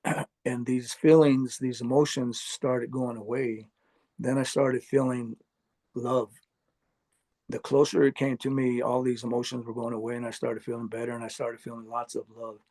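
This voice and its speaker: Gravelly man telling a personal story. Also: mid-range voice, darkish tone. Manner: halting, earnest, many fillers and restarts. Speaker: near-death experience storyteller. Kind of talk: personal testimony interview.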